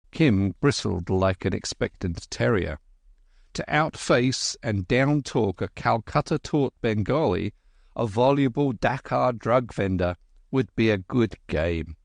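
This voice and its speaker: A man reading a classic adventure novel aloud as an audiobook narrator, in a measured, even storytelling manner. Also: lowish voice, creaky, no room sound. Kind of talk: scripted narration.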